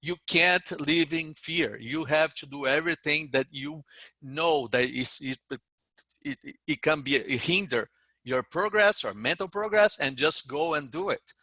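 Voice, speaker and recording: A man's voice: on the high side, measured pace, bright, forceful tone, dry recording. A middle-aged man with a foreign accent gives a blunt, rambling motivational talk to his trading group, often restarting his sentences. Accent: foreign-accented English. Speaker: head day trader.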